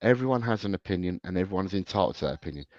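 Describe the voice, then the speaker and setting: A man's voice: low-pitched, expressive, very fast, a little mellow, no room sound. A man co-hosting a casual football podcast, talking emphatically and repeating his phrases. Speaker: podcast co-host. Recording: dry, dull lo-fi audio.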